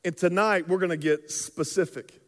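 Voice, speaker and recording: A man's voice: sits high, fairly even intonation, moderate pace, fairly bright tone, big-room sound. A man in his thirties preaching a sermon as pastor, in a casual, conversational way with fillers and little acted asides.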